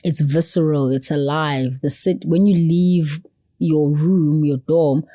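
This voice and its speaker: A woman from South Africa chats as a podcast guest, her voice low and warm. She tells stories with animation and drops into playful voices for quotes. The sound is dry and close. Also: steady tone, slow, no room sound. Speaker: podcast guest, foundation CEO. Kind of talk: animated conversational storytelling.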